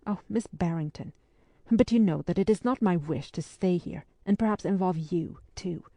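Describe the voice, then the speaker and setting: A woman reading the part of an earnest young French officer in an audiobook, speaking softly and with care. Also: lowish voice, normal speed, no room sound. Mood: troubled.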